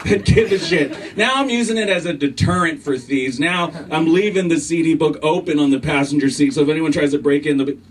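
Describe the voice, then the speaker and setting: Male stand-up comic, profane, self-mocking, higher voice, far from the mic, noisy club room. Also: brisk, hardly any pauses, slightly rough. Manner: profane, self-mocking, acts out both sides of arguments. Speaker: stand-up comedian. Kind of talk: stand-up comedy set. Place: comedy club stage. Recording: distant club recording with room noise. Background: audience laughter.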